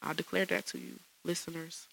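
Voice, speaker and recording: Gravelly, bright-voiced woman podcast host. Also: lowish voice, little pitch movement, fairly quick, a little hiss or hum, rough recording. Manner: chatty, laughs often, casual slang. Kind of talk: solo podcast chat. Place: small home studio.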